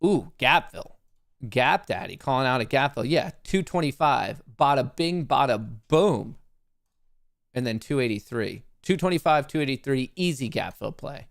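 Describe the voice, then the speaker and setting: Male live-stream host with a gravelly voice and a dry, close sound, rambling through market commentary with jokes. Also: mid-range voice, animated, fairly quick, a bit bright, no room sound. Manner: joking, rambling, self-mocking.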